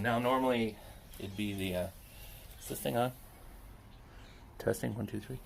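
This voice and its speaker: A medium-pitched man with vocal fry speaks at normal speed, pausing at length, as he works on equipment for his landscaping business. His casual talk to himself is rambling and self-deprecating, over a slight hiss or hum.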